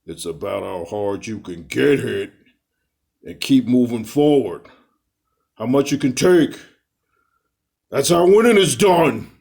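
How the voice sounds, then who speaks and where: A man doing an impression of a tough, stubborn aging male boxer in a low mumbled drawl. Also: lively intonation, slow, vocal fry, pauses often, a little mellow, slightly rough, heavily acted. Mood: rousing.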